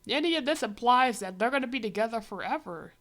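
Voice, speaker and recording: A woman on a livestream reads a comic and rambles through dry, filler-heavy commentary as she goes. Her voice is fairly high and fairly bright, with lively intonation and a fast pace.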